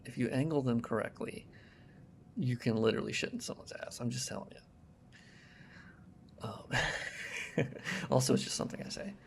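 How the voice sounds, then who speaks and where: A man streaming a hard video game live, talking to himself and his chat, excitable and swearing constantly. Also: medium pitch, unhurried, vocal fry, long pauses, a little hiss or hum. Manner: excitable, swears a lot, talks to himself while playing. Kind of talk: live gameplay commentary. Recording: loud game music behind voice.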